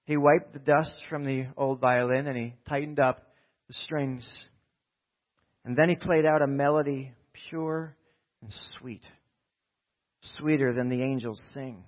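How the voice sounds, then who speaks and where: A man's voice: medium pitch, fairly even intonation, unhurried, long pauses. Emphatic preaching man, lo-fi sound. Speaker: pastor. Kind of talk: sermon. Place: church. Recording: dull lo-fi recording.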